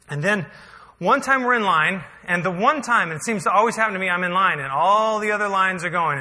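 A man's voice: sits high, bright, forceful tone. A man preaching a sermon as pastor, telling a story in a conversational, humorous way that builds to emphatic peaks. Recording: hall reverb.

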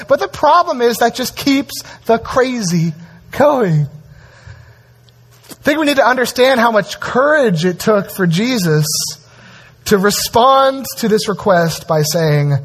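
A man preaching a sermon as pastor, animated and conversational, with frequent asides to the congregation. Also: very high voice, a little slow, slightly rough.

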